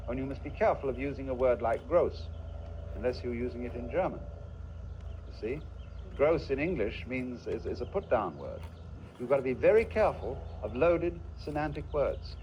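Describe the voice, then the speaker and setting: A man's voice: medium pitch, slight background noise. A man giving a philosophical lecture in a musing way, asking the listener rhetorical questions, heard from a dull lo-fi archival recording.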